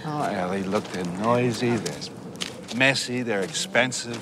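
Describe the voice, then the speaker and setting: An actor plays a grumpy man in a film who grumbles dismissively about children. His voice is mid-pitched. A noisy film soundtrack sits behind him. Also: a little slow, lightly acted. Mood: grumbling.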